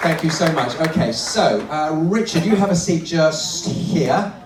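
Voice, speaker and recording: On a large cruise ship theatre stage, a male ventriloquist comedian works the crowd live, teasing and chatting with audience volunteers. His voice sits on the high side, expressive and measured in pace. The recording is echoey with a distant mic, crowd sounds and background noise.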